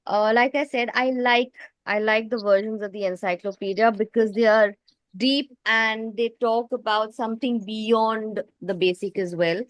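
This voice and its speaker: A woman's voice: on the high side, fairly even intonation, moderate pace, no room sound. Woman teaching, voice tiring, dry sound. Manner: explains at length, often restarts phrases. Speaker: support group facilitator. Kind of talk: teaching an online study group.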